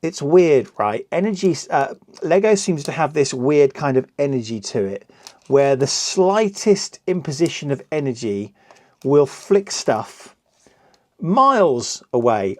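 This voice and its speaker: Brief: middle-aged man, unhurried, rambling self-mocking builder talk. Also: medium pitch, a little mellow, dry recording. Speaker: LEGO reviewer host. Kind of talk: casual build commentary.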